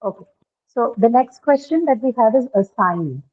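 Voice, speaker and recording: A woman's voice: a little high, animated, normal speed. Woman teacher, methodical explainer who keeps checking understanding; thin phone-line sound. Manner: explains step by step, checks with "right?". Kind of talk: online lesson on word stress.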